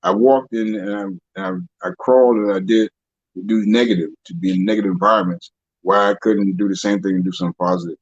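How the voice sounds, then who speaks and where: A man's voice: fairly low pitch, fairly even intonation, fast talker, dry recording, muffled recording. A man who is a guest, a dancer and author, talking loosely in an interview, repeating words as he retells his stories. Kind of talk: casual interview talk.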